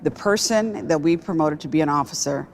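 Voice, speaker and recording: A woman executive telling a personal story in a talk-show interview, emphatic and animated. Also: deep voice, brisk, a little hiss or hum. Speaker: guest, business executive.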